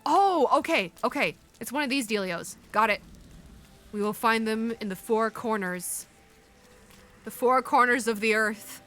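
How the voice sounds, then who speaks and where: A woman's voice: a little high, fairly bright tone. A woman streaming a video game, chatting casually with her viewers, musing aloud and cooing at the creatures on screen. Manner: chatty, muses aloud and answers chat, coos at game creatures. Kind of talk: casual live-stream commentary. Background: faint game music.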